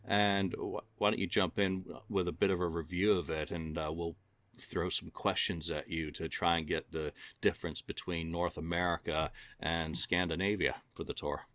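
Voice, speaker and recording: A man's voice: deep voice, flat delivery, normal speed, a bit bright, no room sound. A man hosting a casual podcast chat, rambling and self-deprecating with lots of fillers. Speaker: podcast host.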